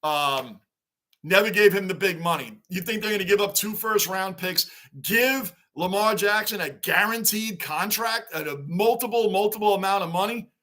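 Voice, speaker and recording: A man's voice: sits high, moderate pace, pushed and bright. A man hosting a sports livestream, chatting casually and animatedly with viewers by name. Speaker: livestream host.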